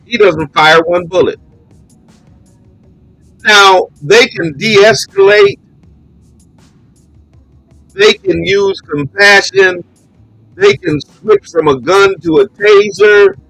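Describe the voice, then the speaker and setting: Emphatic, animated bishop hosting a show. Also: male voice, sits high, slow pace, creaky, long pauses, dry recording, faint music behind, rough recording. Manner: emphatic, repeats words for stress, rising to a shout. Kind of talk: impassioned live call-in commentary.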